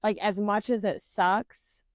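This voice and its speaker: A young adult woman co-hosting a podcast, telling a story in a casual, profane, animated way. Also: medium pitch, takes it slowly, no room sound. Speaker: podcast co-host.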